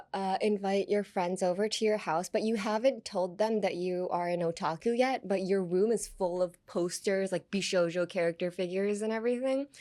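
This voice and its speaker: A young woman hosts a relaxed language-learning podcast, talking through phrases in a chatty, informal way. She slips back and forth between English and Japanese and laughs easily as she explains. Her voice sits at an ordinary middle pitch. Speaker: podcast host teaching English through anime lines. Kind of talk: casual bilingual teaching chat.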